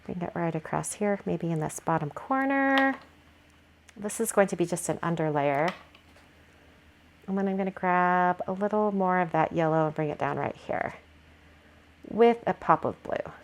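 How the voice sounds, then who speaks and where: A woman's voice: lowish voice, moderate pace, long pauses, slight background noise. A woman hosting a card-making video, talking casually through her painting steps and thinking aloud with frequent fillers. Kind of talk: casual craft tutorial narration.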